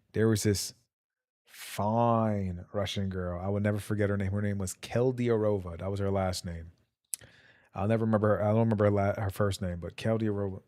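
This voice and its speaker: A man's voice: fairly low pitch, darkish tone, no echo, studio quality. A young man casually telling long, rambling stories on a stream, with loose slang and frequent laughter. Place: home.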